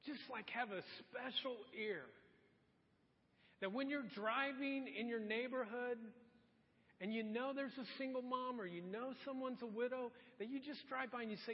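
High-voiced pastor preaching in a hall. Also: male voice, normal speed. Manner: storytelling, conversational and earnest. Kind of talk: sermon. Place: church sanctuary. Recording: dull sound in a large reverberant hall.

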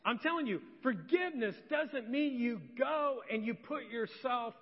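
Pastor in an echoey church hall. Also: male voice, extremely high pitch, expressive, measured pace. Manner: conversational, joking, swings from loud to soft and emotional. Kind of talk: sermon with personal story. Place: church sanctuary. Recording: distant echoey hall, dull sound.

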